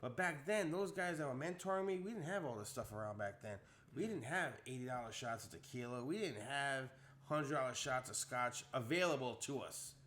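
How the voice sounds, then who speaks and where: Bright-voiced man telling a bar story. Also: mid-range voice, a little fast. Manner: animated, acts out quotes in a rising voice. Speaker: podcast co-host telling a story. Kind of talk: casual storytelling chat.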